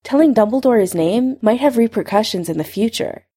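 A woman narrating a fan fiction story aloud in an expressive, conversational reading style. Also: on the high side, a little fast, slightly rough.

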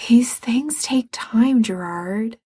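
A woman's voice: fairly high pitch, slow pace, warm tone, husky, no room sound, clean studio sound, voice pushed up. A woman voicing a weary, practical young man who sounds patient but exasperated.

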